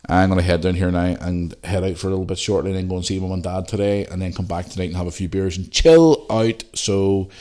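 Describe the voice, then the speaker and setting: A man's voice: low-pitched, fast, few pauses, mellow. A man with a Northern Irish accent hosting a solo podcast, ranting bluntly and swearing freely. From Northern Ireland. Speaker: podcast host.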